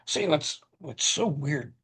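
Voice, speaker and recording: A man's voice: a little high, lively intonation, takes it slowly, a bit bright, husky. A man co-hosting a podcast, chatting casually and rambling, poking fun at himself and restarting his sentences. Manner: rambling, self-deprecating, with many restarts. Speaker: podcast co-host. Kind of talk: casual chat.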